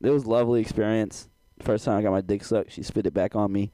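A young adult man co-hosting a podcast, telling crude stories in an animated way and laughing often. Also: on the low side, fast talker, no room sound. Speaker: podcast co-host. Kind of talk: casual chat.

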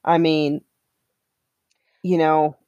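A woman's voice: low voice, little pitch movement, extremely slow, dark tone, clear, resonant tone, no room sound, highs cut off. A woman co-hosting a casual chat, agreeing often and hedging her points with fillers. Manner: chatty, hedging, many fillers and agreeing asides. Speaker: co-host.

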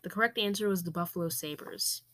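The recording is very noisy, and the woman speaks a little fast in a lowish voice. She's the host of a mock quiz show in a jokey sketch, and she plays all of the contestants as well.

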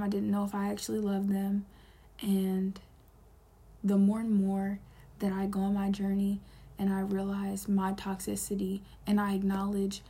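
A young woman talks in an earnest, heartfelt, rambling way, as if speaking straight to one listener about growing up. Her voice is husky and a little gravelly, with a dark, mellow tone. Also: mid-range voice. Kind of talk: personal self-help monologue.

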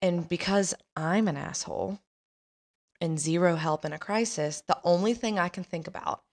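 A chatty woman in her thirties hosts a podcast and tells a story about her family. She laughs often and acts out the voices of the people in it. Her voice sits a little on the low side. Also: normal speed, a little mellow. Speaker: podcast host telling a story. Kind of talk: casual storytelling.

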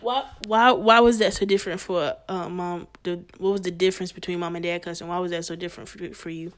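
A woman's voice: fairly low pitch, steady tone, fast. A young adult woman in a casual chat, who rambles, hesitates and leans on fillers as she tells her own stories and asks questions. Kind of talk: casual conversation.

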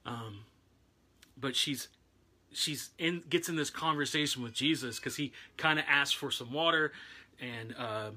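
Casual preacher, conversational, bright and forward tone. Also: male voice, medium pitch, unhurried. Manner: loose and conversational, with restarts. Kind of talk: casual sermon retelling a Bible story.

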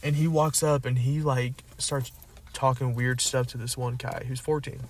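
A man's voice: medium pitch, flat delivery, moderate pace, slight background noise. A young man co-hosting a casual podcast, telling a rambling story full of likes and rights, recorded in a car. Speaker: podcast co-host.

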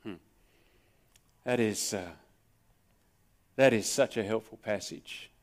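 A man's voice: fairly low pitch, a little slow. An Australian man preaching a sermon at a live church service in a conversational way, asking the congregation questions and telling stories with drama. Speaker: pastor.

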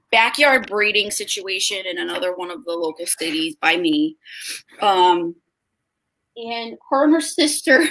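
A young woman, a guest on a video call, telling an emotional story in a casual, tearful way, with lively voices for the people she quotes. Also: mid-range voice. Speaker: guest, dog owner.

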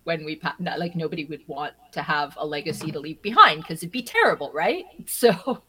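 A woman being interviewed, telling stories in an animated way, often laughing and repeating her first words as she starts a thought. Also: deep voice, fairly quick, breathy edge, poor audio. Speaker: interview guest. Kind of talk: casual interview conversation.

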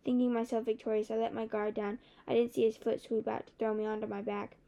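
Higher-voiced woman reading a novel aloud. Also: quick pace, vocal fry, dull audio. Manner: steady, even storytelling. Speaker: audiobook narrator. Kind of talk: first-person fantasy novel narration.

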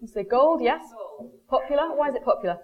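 A woman's voice: high-pitched, a little fast, dull audio. A woman giving a marketing talk to a live audience, telling stories and acting out quoted voices. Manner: lively storyteller, quotes people in animated voices.

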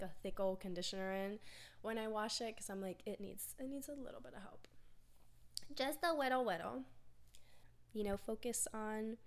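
A young woman hosting a personal podcast, talking candidly in a rambling, filler-heavy way about her feelings. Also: medium pitch. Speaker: podcast host. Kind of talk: casual personal monologue.

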